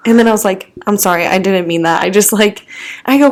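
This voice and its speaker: Young woman podcast co-host, average pitch, chatty and giggly with lots of filler words and casual swearing. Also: fairly quick. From American Midwest. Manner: chatty, laughs often, many "like" fillers, swears freely. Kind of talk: casual chat, storytelling.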